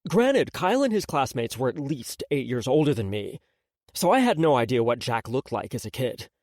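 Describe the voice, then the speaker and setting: A man narrating a first-person romance audiobook in an expressive, intimate way. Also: medium pitch, moderate pace, dry recording, studio quality.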